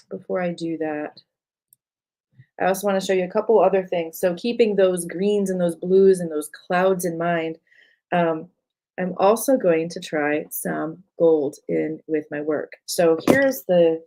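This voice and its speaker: Tired middle-aged woman artist rambling heartfelt about her paintings, lowish voice. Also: a little slow, dark tone. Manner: heartfelt, rambling with frequent fillers. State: tired and emotional. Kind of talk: casual chat to camera.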